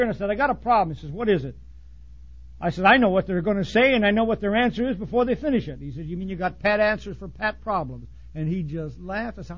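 A man preaching a blunt, folksy sermon to ministers, swinging from loud outbursts to hushed asides. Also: high-pitched, slightly rough, muffled recording. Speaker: pastor.

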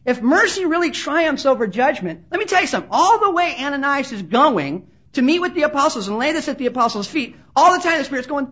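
A woman's voice: high voice, sing-song, fast, few pauses, fairly bright tone. A woman preacher delivering an impassioned sermon at a conference, acting out quoted voices and urging her listeners to listen. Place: conference hall. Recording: dull lo-fi sermon recording.

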